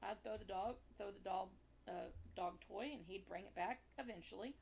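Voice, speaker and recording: A woman's voice: mid-range voice, moderate pace, vocal fry, darkish tone, a little hiss or hum. A woman vlogger telling a casual, rambling story, full of fillers and amused asides. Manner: chatty and amused. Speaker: crafting vlogger.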